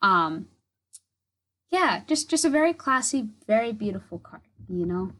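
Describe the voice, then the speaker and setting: A woman's voice: medium pitch, very animated, measured pace, a bit bright, rough recording. A young woman co-hosting a podcast, gushing in a rambling casual chat full of fillers. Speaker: podcast co-host.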